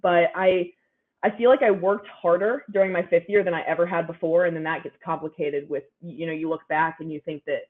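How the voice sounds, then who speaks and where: A woman's voice: lowish voice, steady tone, a little fast. A young woman in her twenties, an athlete guest giving upbeat, chatty interview answers full of "like"s. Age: 20s. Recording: phone-like narrow line.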